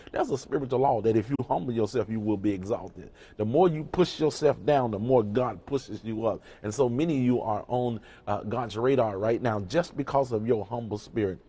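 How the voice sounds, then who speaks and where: A man preaching as a pastor to people listening online. He speaks with emphasis and repeats his key lines to drive them home, pausing to greet people by name. His voice sits at an ordinary middle pitch. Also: mellow, husky.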